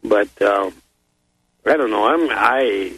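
A man in his sixties from the United States, a guest on a phone-in talk show, speaking in a slow, rambling, hesitant way. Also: lowish voice, a bit bright, husky, dry recording. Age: 60s. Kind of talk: casual interview chat. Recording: phone line.

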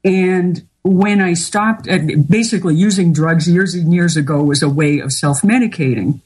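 A woman being interviewed as a guest, talking candidly and at length with many pauses and fillers. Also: on the low side, a little mellow, breathy edge. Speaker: interview guest, artist and healer. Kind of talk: casual interview talk.

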